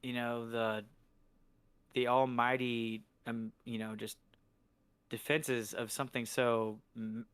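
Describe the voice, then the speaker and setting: A man joking around as a player in a tabletop game, chatty and easygoing. His voice is smooth and clear, recorded close with a dry sound. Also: mid-range voice, flat delivery, slow, long pauses, a bit bright, dry recording. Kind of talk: casual tabletop game chat.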